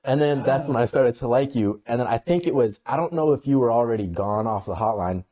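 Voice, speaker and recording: A man's voice: mid-range voice, brisk, dark tone. Blunt, swearing man telling a work story. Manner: profane, blunt, acts out quoted dialogue. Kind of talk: casual storytelling.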